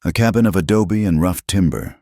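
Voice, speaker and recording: A man narrating a Western story in a calm, measured, scripted style. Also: low voice, no room sound, clean studio sound.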